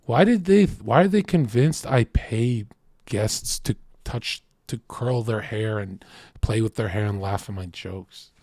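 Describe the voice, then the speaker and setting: A man's voice: lowish voice, measured pace, a little mellow, no echo. Brash, profane man streaming. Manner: rambling, acts out dialogue. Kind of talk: livestream reaction, reading chat aloud.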